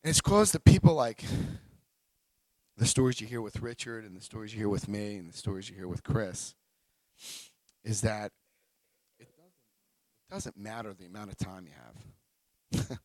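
A middle-aged man sharing his recovery story at a meeting, telling it in an emotional, animated way. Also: on the low side, normal speed, pauses often, dry recording, rough recording.

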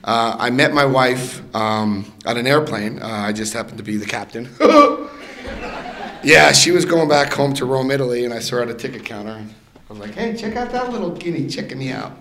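A man's voice: lively intonation, moderate pace, bright, forceful tone. Rambling, joking middle-aged man telling stories. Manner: joking, chatty, rambling with many fillers and restarts; jumps into high put-on voices when quoting others. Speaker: speaker sharing his story at a recovery meeting. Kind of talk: humorous personal storytelling to an audience.

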